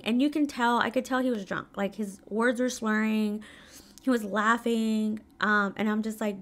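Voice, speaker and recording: A woman's voice: medium pitch, fairly even intonation, normal speed. A woman in her thirties candidly telling a painful personal story in a casual vlog, full of fillers and emotion. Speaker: vlogger. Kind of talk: casual storytelling while doing makeup.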